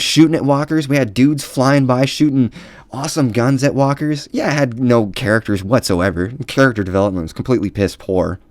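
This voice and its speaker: A man's voice: mid-range voice, no echo. A man ranting angrily about a film, swearing often and mocking in a sarcastic tone. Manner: profane, heated, sarcastic. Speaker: movie ranter. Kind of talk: angry profane rant.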